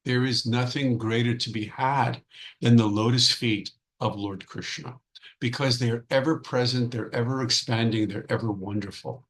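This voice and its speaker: A man's voice: medium pitch, a bit bright. A man giving a devotional sermon as a spiritual teacher, emphatic, repeating phrases and stretching key words.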